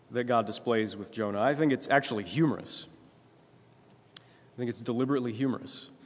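A man preaching a sermon in a conversational way, often asking "right?" and clearing his throat. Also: medium pitch. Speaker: pastor. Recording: long hall reverb.

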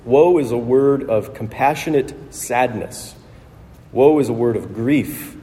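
A man's voice: mid-range voice, slow pace, warm tone, big-room sound. A man preaching a sermon as pastor, earnest and reflective, thinking aloud with restarts.

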